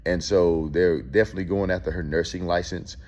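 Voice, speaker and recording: A man's voice: low-pitched, steady tone, fairly quick, darkish tone. A male host talking through a case in loose casual commentary, with many fillers and restarts.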